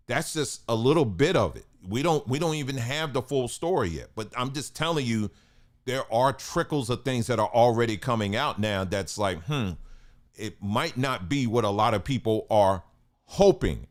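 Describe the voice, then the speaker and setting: A man hosting a commentary monologue, talking casually and emphatically, with loose colloquial grammar and rhetorical questions to his viewers. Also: on the low side. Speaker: commentary channel host.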